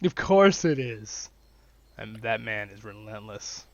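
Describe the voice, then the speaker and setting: Male gaming host, mid-range gravelly voice, chatty and excitable commentary, dull lo-fi track with soft music behind. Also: on the low side, takes it slowly, dry recording. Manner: chatty and excitable, talking to viewers. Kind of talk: casual gameplay commentary. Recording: dull lo-fi sound with faint music.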